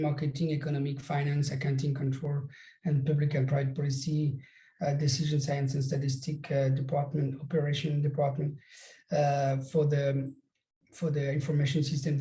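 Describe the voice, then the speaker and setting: A man's voice: on the high side, warm tone, echoey room, poor audio. Man with a strong French accent. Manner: halting, many pauses and restarts. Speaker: business school recruitment director. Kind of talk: presenting an online info session.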